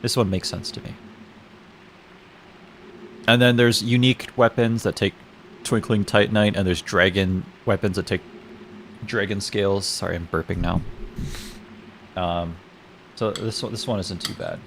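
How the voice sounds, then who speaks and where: A man with a somewhat low voice chats casually through a game stream. He rambles, swears, laughs at himself and trips over his own sentences. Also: steady tone, moderate pace, gravelly, pauses often, fairly bright tone, slight background noise. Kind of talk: casual gaming stream commentary.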